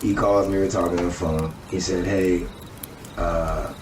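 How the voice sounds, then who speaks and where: Deep-voiced man telling a story. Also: a little slow. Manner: animated, acts out quoted dialogue. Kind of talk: casual storytelling. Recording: echoey room, distant mic, noisy.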